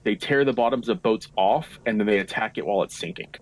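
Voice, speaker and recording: A man serving as game master, narrating a tabletop game at a measured pace, with lots of "uh" fillers and the odd swear. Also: fairly low pitch. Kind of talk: narrating a tabletop game over an online call. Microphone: online voice-chat mic.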